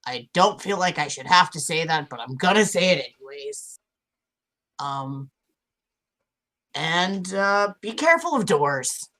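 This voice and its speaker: A tabletop player speaking in character and cautiously warning the party, pausing on ums. The delivery is slow and measured. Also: mid-range voice, sing-song, sharp tone. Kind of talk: playing a tabletop game in character.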